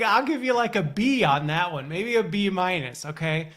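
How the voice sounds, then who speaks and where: A man's voice: sits high, lively intonation, moderate pace, a bit bright. A man hosting a live online talk show, chatting casually and upbeat, laughing often and teasing his guest. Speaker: host. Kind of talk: casual livestream chat.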